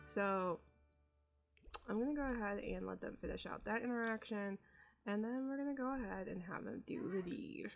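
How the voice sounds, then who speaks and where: A woman's voice: medium pitch, moderate pace, gravelly, soft background music. A woman narrating a life-sim gameplay video in a chatty, casual way, with lots of fillers.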